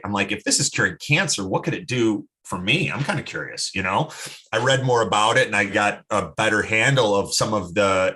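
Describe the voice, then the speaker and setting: Bright-voiced chatty man. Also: lowish voice. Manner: animated storyteller, many "like" fillers. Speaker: podcast guest, health expert. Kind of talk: casual interview talk.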